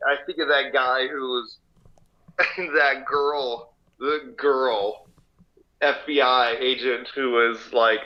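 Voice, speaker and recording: A man's voice: medium pitch, fairly even intonation, takes it slowly, pauses often, highs cut off. A man co-hosting a podcast, chatting casually, laughing often and acting out quoted voices. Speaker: podcast co-host.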